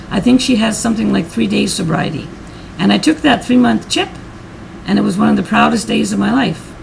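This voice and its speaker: A woman's voice: mid-range voice, gravelly, a little hiss or hum, rough recording. A middle-aged woman vlogger telling a personal story in a heartfelt, rambling way, repeating her words and getting emotional.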